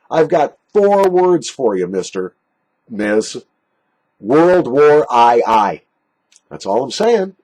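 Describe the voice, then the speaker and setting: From a basement room, a man reviews snuff in a casual, jokey monologue, poking fun at himself with lively swings in pitch. His voice is slightly rough, and the recording quality is low.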